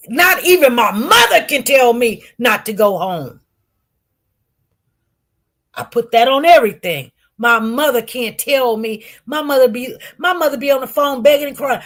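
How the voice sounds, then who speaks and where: A woman telling viewers a personal testimony with great intensity, swinging from loud outbursts to hushed murmurs and often repeating herself. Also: fairly high pitch. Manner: repetitive, restarts. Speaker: online show host.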